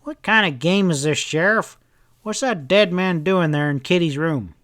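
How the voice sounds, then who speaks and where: A man reading aloud and voicing a suspicious male hotel proprietor, sharp and demanding. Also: a little high, normal speed, pitched above the performer's own voice, close to an everyday voice. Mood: tense.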